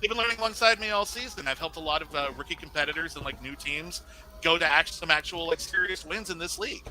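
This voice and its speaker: A man arguing his case in a casual podcast debate, talking fast and animated, sometimes over others. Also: a little high, slight background noise, low-quality recording.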